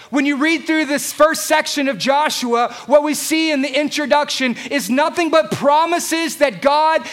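A man preaching a lively sermon into a handheld microphone in church, joking with the congregation. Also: very high-pitched. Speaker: pastor. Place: church hall.

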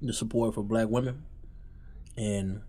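A man's voice: fairly low pitch, unhurried, no echo. A man in his thirties, a podcast co-host and filmmaker, chatting bluntly and casually with friends, swearing freely as he tells stories. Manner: blunt, animated storytelling, cursing. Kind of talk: casual chat.

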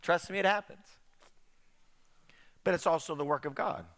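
A man's voice: fairly high pitch, normal speed, fairly bright tone. A middle-aged man preaching a conversational sermon, full of rhetorical questions. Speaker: pastor.

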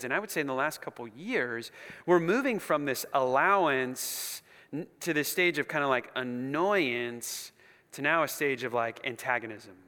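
A man preaching a sermon with passion, dropping to hushed near-whispers and building to loud repeated lines, with casual asides. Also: medium pitch. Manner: conversational asides and repetition. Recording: long reverb of a large hall.

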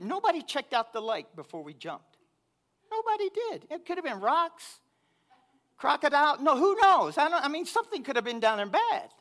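A man preaching to his congregation, telling a personal story in an animated way that grows loud and high when he gets excited. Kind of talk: sermon storytelling.

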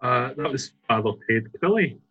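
A Scottish quiz contestant with a husky voice, rambling and hedging his answers. The sound is dull and lo-fi. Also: mid-range voice, lively intonation, normal speed, pushed and bright. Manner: rambling, hesitant. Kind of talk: casual chat.

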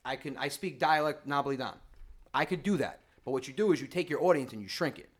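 A man, a comedian guest talking in a casual podcast chat, emphatic and animated. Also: medium pitch, quick pace.

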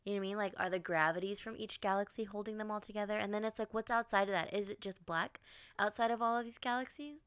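A woman's voice: mid-range voice, fairly even intonation, fast talker, a bit bright, smooth, no room sound. A woman co-hosting a podcast, wondering aloud and stringing question after question in casual chat.

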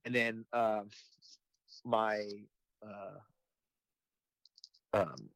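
A man's voice: on the low side, animated, extremely slow, gravelly, fairly bright tone, dry recording, poor audio. A man who works as a firefighter and makes comedy videos, telling a story in a casual interview, with lots of fillers and restarts. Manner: rambling, many restarts and fillers.

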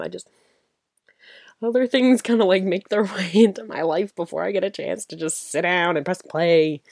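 A woman's voice: deep voice, darkish tone, no echo, clean studio sound. A young woman hosting her own podcast, chatting casually and rambling with giggles and enthusiasm, tired late at night. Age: young adult. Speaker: podcast host. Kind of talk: casual solo fan chat.

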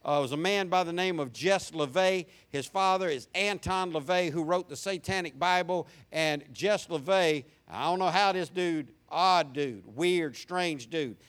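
A man's voice: fairly high pitch, unhurried, hardly any pauses, fairly bright tone. A man preaching a sermon as pastor, building intensity with emphatic repetition.

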